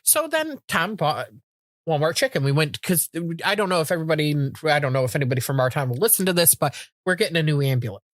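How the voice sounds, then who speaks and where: A woman's voice: sits low, racing, few pauses, no room sound, clean studio sound. A middle-aged woman co-hosting a podcast, telling stories in casual chat, acting out quotes with frequent swearing. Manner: animated storytelling with acted-out quotes, frequent swearing. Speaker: podcast co-host.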